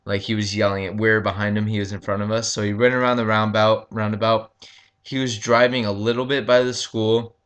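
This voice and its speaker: Guy, slightly low voice, halting casual storyteller who says um constantly and swears loosely. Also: little pitch movement, a bit bright, clear, resonant tone. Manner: rambling, halting, full of ums and likes. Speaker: gaming commentator. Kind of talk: casual storytelling over gameplay.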